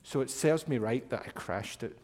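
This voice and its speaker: A remorseful young girl speaks softly, as a man puts her on. Long hall reverb lingers behind each phrase. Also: mid-range voice, normal speed, close to an everyday voice. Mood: apologetic. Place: church hall.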